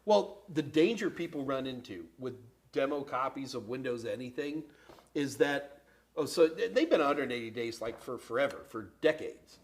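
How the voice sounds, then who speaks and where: A man's voice: medium pitch, expressive, normal speed. An older man hosting a casual live tech Q and A, joking and playful, often slipping into quoted voices. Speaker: host answering tech questions. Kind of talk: casual live-stream chat.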